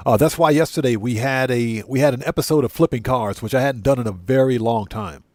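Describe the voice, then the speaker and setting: A man's voice: medium pitch, fairly quick, darkish tone, no room sound, studio quality. A man chatting casually with viewers while streaming a game, greeting them by name and often repeating and correcting himself. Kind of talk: casual livestream chat.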